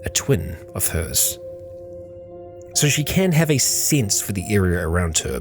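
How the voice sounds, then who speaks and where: A man narrating a game playthrough as host, talking calmly and musing aloud to his character. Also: on the low side. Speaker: let's play host.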